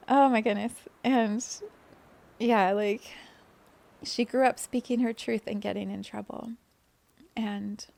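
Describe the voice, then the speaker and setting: A woman podcast host telling a personal story in a soft, reflective way, laughing often as she talks. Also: on the high side, vocal fry.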